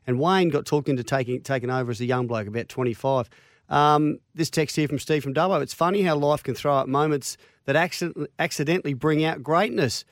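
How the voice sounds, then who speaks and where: An Australian man co-hosting a sports radio show, chatting in a relaxed way and reading out listener texts. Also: on the high side, dry recording, clean studio sound. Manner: relaxed, quick interjections, reads listener texts. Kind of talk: casual sports radio chat. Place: radio studio. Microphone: studio microphone.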